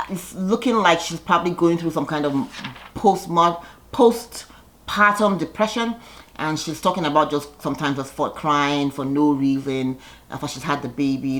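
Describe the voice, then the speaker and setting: A woman giving a casual, gossipy recap of a reality show, chatty and animated when she quotes people. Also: deep voice.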